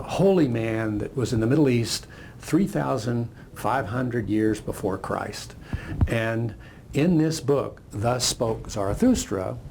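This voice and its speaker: A man's voice: medium pitch, gravelly, darkish tone, a little hiss or hum. An older man giving a reflective motivational talk, telling a parable as a story. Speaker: speaker.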